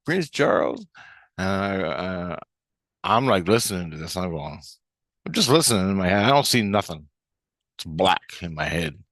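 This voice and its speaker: This vlogger has a low, expressive, slightly bright voice and talks at normal speed, recorded dry in a studio. His personal story rambles casually, full of fillers and sentences he keeps restarting.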